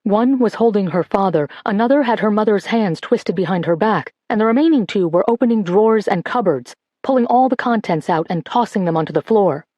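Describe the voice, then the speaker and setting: A woman narrating an audiobook in a measured, expressive reading. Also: mid-range voice, no room sound.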